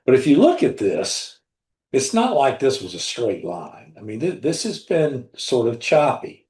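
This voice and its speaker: A man hosting a live trading room, talking through charts in a deliberate, blunt way and often repeating himself. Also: mid-range voice, huge pitch swings, darkish tone. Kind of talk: live market commentary over charts. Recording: roomy echo.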